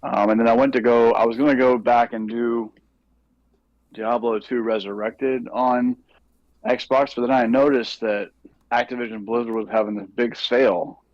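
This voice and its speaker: A man on a gaming podcast panel, talking casually with many pauses and fillers. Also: mid-range voice, fairly even intonation, no room sound. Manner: hesitant, many fillers and throat clearing. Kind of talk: casual chat. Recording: dull lo-fi mic.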